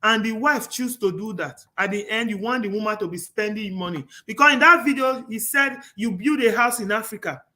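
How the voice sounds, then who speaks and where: A man's voice: high-pitched, fairly quick, few pauses, sharp tone. A man hosting a casual panel discussion, talking earnestly and rambling through stories with frequent restarts. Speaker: talk show host.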